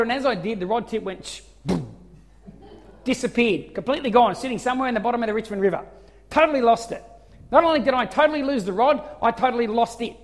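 A man, a pastor telling a story in a sermon, swinging from soft talk to shouting. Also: sits high. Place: church hall. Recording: long hall reverb.

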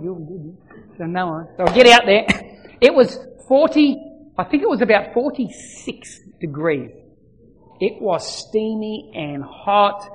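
A man preaching a sermon, telling a personal story with lively exclamations before leading a prayer. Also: sits high. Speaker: pastor. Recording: long hall reverb.

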